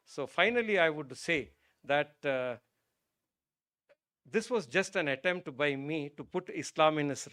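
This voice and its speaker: A guest speaker from India gives a public talk on religion from an auditorium stage, his fairly high-pitched voice captured in clean studio sound with no echo. He tells a story that moves him, his storytelling growing emotional and soft, then builds toward emphatic points.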